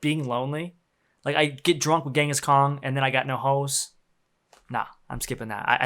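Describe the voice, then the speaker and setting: A man's voice: medium pitch, a bit bright. A young man streaming a game, rambling and joking in slangy, swearing casual talk. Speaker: gaming streamer. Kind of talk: casual commentary while playing.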